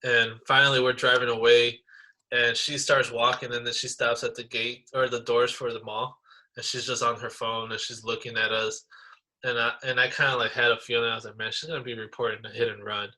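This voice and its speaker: A man co-hosting a podcast, telling stories in a casual, animated way, full of slang like bro and dude. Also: mid-range voice, brisk. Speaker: podcast co-host. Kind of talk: casual chat.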